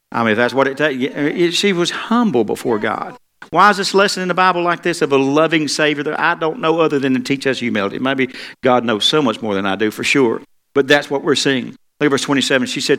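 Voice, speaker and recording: Brief: male pastor, raspy fry in the voice, mid-range pitch, folksy preaching and prayer. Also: animated, fairly quick, a bit bright. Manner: folksy, preaching with call-and-response. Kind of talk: sermon and prayer.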